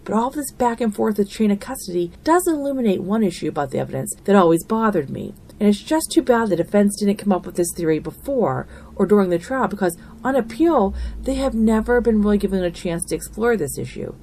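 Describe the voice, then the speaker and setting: A woman's voice: medium pitch, expressive, brisk, few pauses, darkish tone, a little hiss or hum. A woman hosting a true crime podcast, walking through a trial in an earnest, opinionated, conversational way. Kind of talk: narrated podcast commentary.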